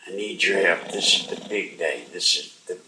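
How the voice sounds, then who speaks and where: An older man hosting a talk radio show, sounding weak and unwell as he slowly urges and pleads with listeners. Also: low voice, bright, forceful tone, reverberant, distant mic, slight background noise, poor audio. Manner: slow, strained, pleading and urging listeners to act. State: weak and unwell, struggling to speak. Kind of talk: live talk radio monologue.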